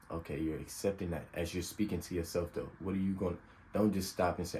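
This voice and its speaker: A young man with a very deep voice talks through personal advice, earnest and unguarded, as if thinking aloud. A faint hiss of background noise sits under his voice. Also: brisk, dark tone, poor audio. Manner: earnest, unscripted, vulnerable. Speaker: self-help vlogger.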